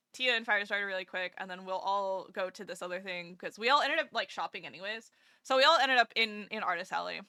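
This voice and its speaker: Woman streamer, excitable storyteller, crisp bright tone, dry booth-like sound. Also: medium pitch, no echo. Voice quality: animated storyteller, laughs a lot, excitable. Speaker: VTuber streamer. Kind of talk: casual livestream storytelling.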